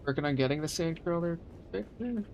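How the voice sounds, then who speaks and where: A man's voice: fairly high pitch, animated, a little fast, vocal fry, a little mellow, highs cut off, slight background noise. Laid-back young man streaming a game. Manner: laid-back, swears casually, talks to chat. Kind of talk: casual live-stream chat.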